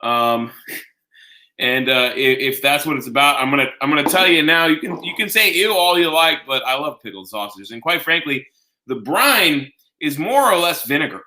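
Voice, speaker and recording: Casting: male home-cook host, bright forward voice, chatty and folksy, echoey kitchen sound. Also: fairly high pitch, expressive, moderate pace. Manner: chatty, folksy, talks to viewers directly. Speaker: home cooking show host. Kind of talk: casual live cooking demonstration.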